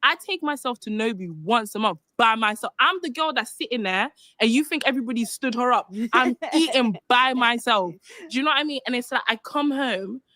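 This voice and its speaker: A confident woman in casual conversation, her voice a little high and recorded dry and close. She speaks with emphasis and self-assurance. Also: lively intonation, brisk, hardly any pauses, pushed and bright, dry recording. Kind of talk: casual chat.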